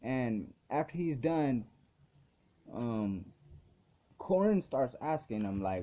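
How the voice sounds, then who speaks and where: A man in the middle of a casual episode recap, rambling along with "like" in nearly every phrase and swearing as he goes. His voice sits at an ordinary pitch. The sound is thin and tinny, as if over a phone line. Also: very animated, takes it slowly, long pauses. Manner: rambling, heavy use of "like" fillers, frequent swearing. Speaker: anime episode reviewer.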